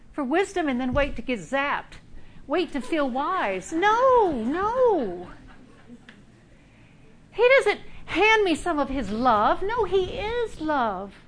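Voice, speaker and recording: A woman's voice: high voice, slight background noise. A middle-aged woman giving a sermon, emphatic and telling personal stories. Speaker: speaker.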